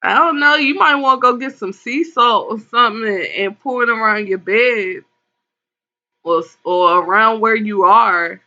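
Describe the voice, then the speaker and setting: On a live tarot call-in stream with dull lo-fi sound, a woman speaks at a measured pace in a fairly high, pushed, bright voice. She reads out viewer comments and talks with them in a caring, informal way, calling them pet names.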